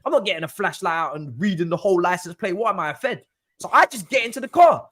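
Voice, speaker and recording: A man telling a story as a guest in a casual chat, slangy and animated. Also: quick pace. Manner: animated, slangy storyteller with lively pitch swings. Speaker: podcast guest.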